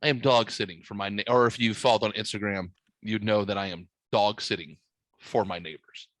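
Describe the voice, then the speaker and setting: Young guy podcast host, bright voice, dry close sound, swears a lot telling a funny story. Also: on the low side, fairly even intonation, fairly quick, dry recording, low-quality recording. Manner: profane, joking smart-aleck storytelling. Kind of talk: casual storytelling.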